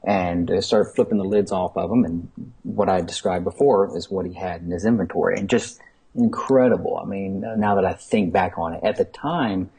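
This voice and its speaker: A man's voice: sits low, normal speed, mellow, breathy edge, poor audio. A man guesting on a podcast, telling a long casual anecdote with frequent fillers and laughs. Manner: rambling, laughing, many fillers. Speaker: guest, toy collector.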